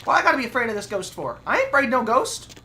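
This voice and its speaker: A woman's voice: fairly high pitch, sing-song, fast, pushed and bright, slight background noise. A woman streamer giving brash, profane commentary while she plays a game. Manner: brash, profane trash talk. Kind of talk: gameplay commentary.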